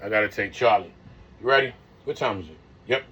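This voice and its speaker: A man's voice: lowish voice, brisk, a bit bright, slightly rough, muffled recording. A man in his forties talks to his viewers in a casual vlog, rambling, swearing and full of slang. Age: 40s. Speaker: vlogger. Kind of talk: casual monologue.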